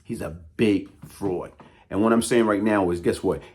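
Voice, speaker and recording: A man's voice: lowish voice, steady tone, moderate pace, a little mellow. A man delivering a heated, taunting call-out monologue in blunt street talk. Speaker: YouTube commentator.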